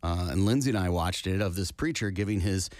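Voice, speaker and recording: A man's voice: deep voice, a little fast, a little mellow, dry recording, studio quality. A man co-hosting a podcast in casual chat, telling a story with wry asides. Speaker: podcast co-host.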